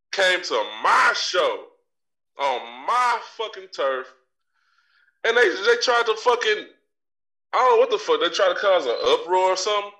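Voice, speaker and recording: Swaggering, foul-mouthed man ranting slowly. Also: a little high, pushed and bright. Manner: swaggering and profane, trash-talking. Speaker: podcast host. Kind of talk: brash comedic rant. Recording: distant mic with faint crowd noise.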